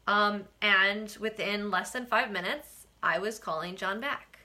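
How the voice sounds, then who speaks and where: A young woman hosting a casual live-stream vlog, chatty and animated, laughing often and acting out quoted exchanges. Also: medium pitch. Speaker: real estate agent and vlog host.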